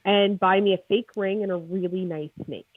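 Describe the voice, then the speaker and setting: A woman with a Maritime Canadian accent, a snake breeder chatting as a guest in a casual livestream interview, excitable and jokey. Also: medium pitch, normal speed, no echo. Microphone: video call. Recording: tinny phone-like video call line.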